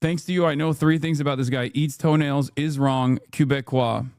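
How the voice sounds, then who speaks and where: A man's voice: fairly high pitch, steady tone, moderate pace, darkish tone, no room sound, studio quality. Fired-up man ranting on stream. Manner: heated, mocking rant with frequent fillers and cursing. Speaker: streamer host reacting to clips. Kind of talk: profane political reaction commentary.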